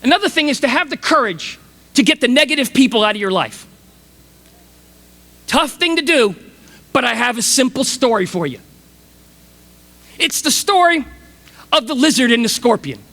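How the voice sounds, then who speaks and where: A man's voice: very high-pitched, sing-song, moderate pace, long pauses, pushed and bright, in a large hall. A man giving a commencement speech, enthusiastic and dramatic, telling stories to a large audience. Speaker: commencement speaker. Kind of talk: motivational speech. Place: large graduation ceremony venue.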